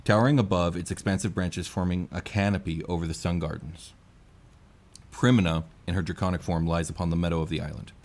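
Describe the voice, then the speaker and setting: A man's voice: sits low, darkish tone. A man narrating scenes as game master of a tabletop game, descriptive, with fillers.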